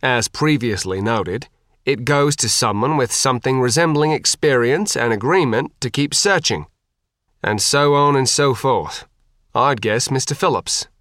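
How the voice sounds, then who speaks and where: A man reading an audiobook, voicing a calm, practical middle-aged father who leads a group of survivors. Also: medium pitch, unhurried, no room sound, natural voice. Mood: explaining. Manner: steady, dry, explanatory.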